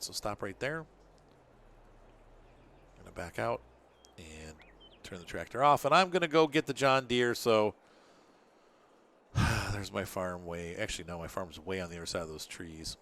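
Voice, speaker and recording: A man's voice: fairly low pitch, expressive, moderate pace, long pauses, a bit bright. A man hosting a casual let's-play, chatting and joking as he narrates each move in the game. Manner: chatty and jokey, narrating his own moves. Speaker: gaming channel host.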